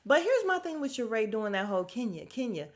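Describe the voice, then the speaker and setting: A woman hosting a casual podcast recap of a reality show, chatty and animated, laughing often and acting out the people she quotes. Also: on the high side, quick pace. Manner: acts out quoted people's voices. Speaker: podcast host.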